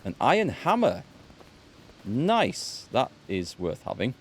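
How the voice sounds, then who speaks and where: A man's voice: medium pitch, huge pitch swings, slow, slight background noise. A man chatting casually with wry asides while playing a video game as a let's play host. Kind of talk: casual gameplay commentary.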